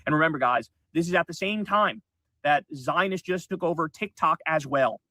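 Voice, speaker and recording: A man's voice: a little high, normal speed, sharp tone, no echo. A man giving a heated political rant, angry and profane. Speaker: political commentator.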